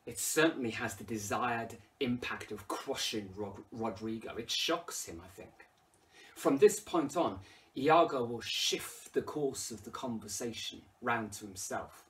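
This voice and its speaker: Speaking from far from the mic in a lowish voice, an English-accented literature teacher explains a play. His lesson commentary is expressive, and he gets loud and dramatic whenever he reads quoted lines aloud.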